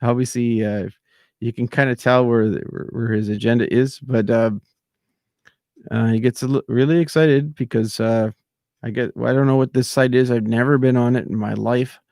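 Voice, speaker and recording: A middle-aged man with a gravelly, creaky voice rants in loose, indignant commentary, full of fillers and restarts. His voice sits at a middling pitch and sounds close and dry, with no room around it. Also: fairly even intonation, normal speed, darkish tone, no room sound. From outside America. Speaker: channel host. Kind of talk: casual ranting commentary.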